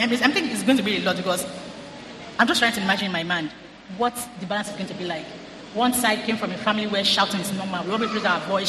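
A co-host responding in an animated, questioning way. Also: mid-range voice. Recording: hall reverb, faint noise.

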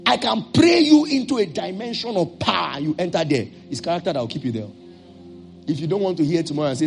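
A male pastor with a Nigerian English accent preaches fast in a slightly high, gravelly voice with lively intonation. He acts out little dialogues and bursts into sudden shouts, with faint music playing behind him.

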